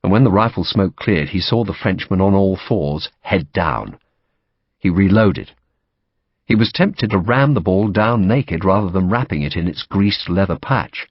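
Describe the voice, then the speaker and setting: Man, audiobook narrator, dramatic reading, animated intonation, dry close sound. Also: low voice, a little slow, no echo, muffled recording.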